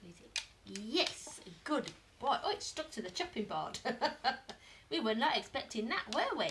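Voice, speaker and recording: A British woman giving a casual live dog-training lesson at home, chatting to viewers and breaking into high-pitched praise for her dog. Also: big pitch swings, moderate pace, fairly bright tone, a little hiss or hum. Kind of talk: live-streamed training demo.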